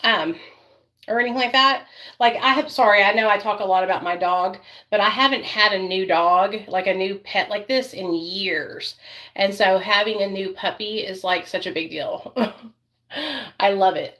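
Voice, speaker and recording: A woman's voice: mid-range voice, unhurried, a bit bright. Chatty rambling woman vlogger. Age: adult parent. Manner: rambling, chatty, many fillers; doting baby talk to her dog. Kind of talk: casual chat while doing makeup.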